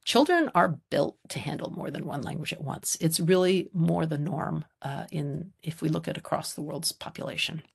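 A researcher gives an informal public lecture about how children learn language, speaking into a computer microphone on a video call. The voice is strongly gravelly, full of vocal fry, and noticeably husky. The delivery is conversational and reassuring. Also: medium pitch, normal speed, hardly any pauses.

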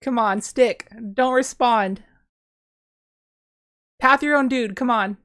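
A woman casually commenting on her own card game as she plays, thinking aloud with sudden bursts of excitement. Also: a little high, slow pace. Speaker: gameplay streamer.

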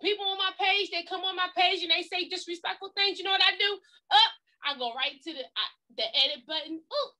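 A woman's voice: extremely high pitch, fairly quick, pushed and bright. A woman co-pastor giving a preaching-style talk on a livestream, emphatic, folksy and blunt, leaning on repeated catchphrases.

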